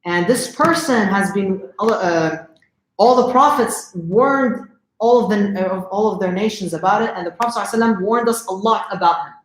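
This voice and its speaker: A man's voice: sits high, fairly bright tone. A man telling a religious story in a casual livestream lesson, chatty and often asking the audience questions. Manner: conversational, asks the audience questions. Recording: roomy echo.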